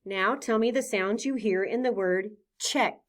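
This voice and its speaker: Woman teacher, phonics lesson for small children, very slow deliberate delivery, patient, sounds spelled out one by one. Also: mid-range voice.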